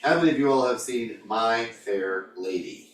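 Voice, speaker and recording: Man leading a church study group, animated questioner, distant mic in an echoey room. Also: on the low side, normal speed, slight background noise. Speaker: Bible class leader. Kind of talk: group Bible discussion. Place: church classroom.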